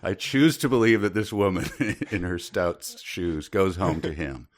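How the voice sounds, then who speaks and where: A man's voice: low-pitched, expressive, unhurried. A man from Minnesota, co-hosting a comedy book podcast and making dry, wry jokes. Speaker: podcast co-host. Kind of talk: casual comedic book discussion.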